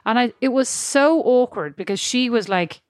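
A woman's voice: fairly high pitch, lively intonation, normal speed, a little mellow, dry recording, studio quality. A woman in her thirties co-hosting a podcast, telling stories in a chatty way and laughing at herself. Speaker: podcast co-host. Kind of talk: casual chat.

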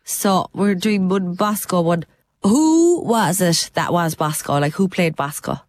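An Irish woman with a Cork accent and a blocked-up nose, hosting a podcast and telling stories in a chatty, animated way. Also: lowish voice. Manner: chatty, animated storyteller, quick laughs. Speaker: podcast co-host. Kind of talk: casual chat.

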